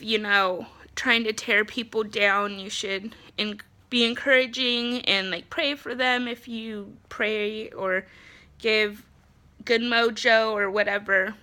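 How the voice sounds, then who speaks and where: Bright-voiced nasal woman venting. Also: mid-range voice. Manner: frustrated, blunt, swears, many ums. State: congested, nasal. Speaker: vlogger, spouse of an ill partner. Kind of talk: casual venting monologue.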